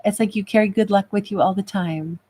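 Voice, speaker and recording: A woman tarot reader in a casual livestream, chatting affectionately with viewers and calling them babe and love, a little rough from a recent cough. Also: medium pitch, fairly even intonation, fairly quick, warm tone. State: recovering from a cough. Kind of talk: livestream chat reading viewer comments.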